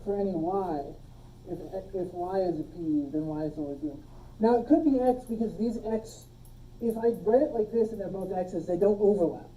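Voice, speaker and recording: Very dark-voiced woman teaching logic. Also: medium pitch, normal speed, far from the mic, poor audio. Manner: relaxed, asks the class questions and jokes. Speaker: logic instructor. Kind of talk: classroom lecture. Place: classroom. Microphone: phone streaming the class.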